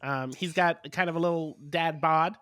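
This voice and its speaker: A man co-hosting a podcast, his voice a little higher than average and bright. He recaps in a casual, halting way full of fillers. The sound is dry, with no room echo. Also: steady tone. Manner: recapping with many ums and uhs. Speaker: podcast co-host. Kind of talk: casual chat.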